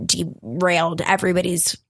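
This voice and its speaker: A woman guest on a comedy podcast, telling a story in a casual, animated way, acting out quotes and laughing often. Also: on the low side, normal speed, gravelly, slightly rough, no echo.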